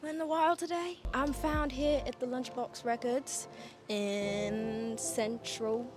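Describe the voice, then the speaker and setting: A woman's voice: fairly high pitch, fairly even intonation, takes it slowly, over music. Bubbly young woman vlogging. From Charlotte, North Carolina. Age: young adult. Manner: bubbly, chatty, laughs often. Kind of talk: casual vlog chat.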